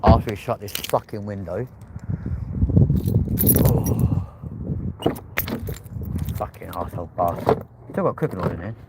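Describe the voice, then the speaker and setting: A young man with a lowish voice, cursing freely and muttering to himself as he films on his phone. He talks from a car and then from inside a large supermarket, with clear vehicle and shop noise around him. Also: unhurried, long pauses. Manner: blunt and sweary, mumbling asides. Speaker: vlog presenter. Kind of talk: casual vlog banter. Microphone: handheld phone while filming.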